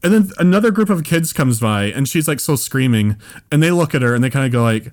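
A man's voice: mid-range voice, animated, fast talker, darkish tone. A man co-hosting a podcast, telling a story in casual chat and laughing as he goes. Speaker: podcast co-host.

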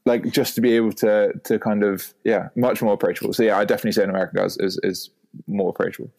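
A man's voice: on the low side, level tone, rapid-fire, creaky, a little mellow. A young man from England with a posh London English accent, chatting as a podcast guest, hesitant and stammering. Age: 20s. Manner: hesitant, stammering, self-conscious. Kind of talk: casual chat.

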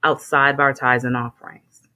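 A woman's voice: extremely low pitch, little pitch movement, normal speed, pushed and bright. A woman speaking as a guest in a casual conversation, explaining her points thoughtfully.

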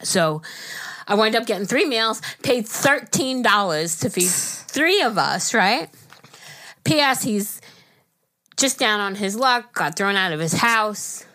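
A middle-aged woman co-hosting a casual podcast, telling a story in an animated, emotional way. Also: mid-range voice, slow. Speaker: podcast co-host.

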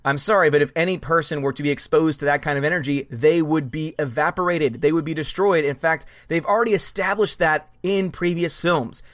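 Upbeat high-voiced man greeting his chat. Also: fairly quick, few pauses, no room sound. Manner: animated and chatty, greets viewers by name. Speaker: livestream host. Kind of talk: casual live chat, reading viewer comments.

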